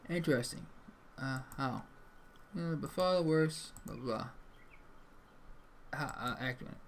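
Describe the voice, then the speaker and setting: A man's voice: mid-range voice, unhurried, vocal fry, slight background noise. A young man streaming a game live, talking casually and with a lot of swearing, and reading the dialogue aloud in changing voices.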